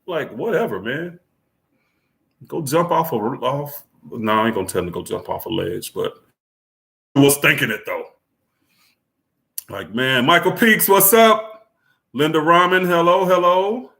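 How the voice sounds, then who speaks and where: A man's voice: on the high side, expressive, measured pace, creaky, long pauses, pushed and bright. A man, chatting casually with his viewers as a live-stream host in a laid-back, talkative way and laughing often. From United States. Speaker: livestream host greeting viewers.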